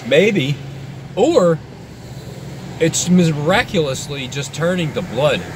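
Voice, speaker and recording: A man commentating in a sarcastic vlog, mocking doomsday alarm with exaggerated outbursts and low muttered asides. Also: lively intonation, slow, background noise. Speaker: video commentator.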